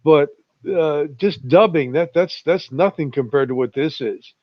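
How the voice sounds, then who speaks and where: Slow-talking man on a muffled voice chat. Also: on the high side, dry recording. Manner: slow, drawling storyteller, chuckles often. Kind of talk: casual chat.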